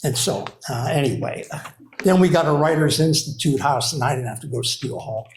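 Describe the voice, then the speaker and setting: A man's voice: medium pitch, a little fast. An older man, a retired writing program director, gives rambling, hesitant memorial remarks to an audience, full of fillers and restarts. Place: hall with a live audience. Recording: echoey room.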